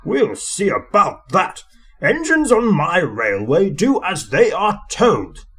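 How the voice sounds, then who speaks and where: A man's voice: high voice, very animated, slow, a bit bright, breathy edge, pitched above the performer's own voice, full character voice. A man reading a storybook aloud, voicing a stern but kindly male railway boss who speaks firmly.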